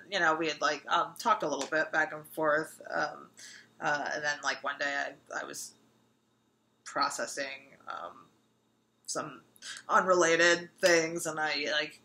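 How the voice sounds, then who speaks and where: A woman's voice: low-pitched, steady tone, measured pace, bright, forceful tone, slight background noise, rough recording. A woman in her thirties telling a personal anecdote casually, rambling and full of fillers. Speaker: storyteller.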